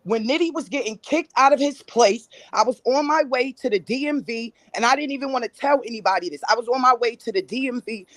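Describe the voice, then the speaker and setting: A woman's voice: fairly high pitch, brisk, hardly any pauses, dry recording. A woman joining a live chat by phone as a panel guest, telling her side in an angry, defensive way and swearing. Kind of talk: heated call-in chat.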